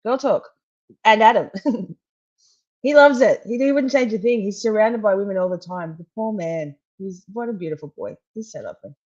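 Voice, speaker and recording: A woman chats loosely on a live stream, drifting between stories and jokes with easy laughs and the odd swear. Her voice sits at a middling pitch, and the sound is a little dull. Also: normal speed, darkish tone. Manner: rambling, laughing, swearing, chatty. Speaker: true crime streamer. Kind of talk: casual live-stream chat over court footage.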